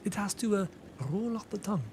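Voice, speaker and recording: A man's voice: high voice, a little fast, noisy background. A Canadian man streaming a game, chatting casually with viewers and muttering as he reads lists aloud, with faint music behind him. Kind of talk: casual live-stream chat.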